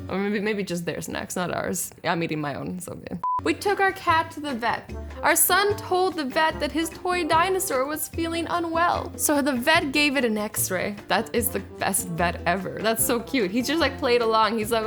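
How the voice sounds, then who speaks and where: A young adult woman chats through a reaction video in a bubbly, rambling way, dropping "like" into nearly every thought. Her voice sits a bit high and rings bright and forceful. Soft music plays faintly underneath. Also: lively intonation, normal speed. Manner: bubbly, chatty, heavy use of "like". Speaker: YouTube reaction host. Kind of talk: casual reaction commentary.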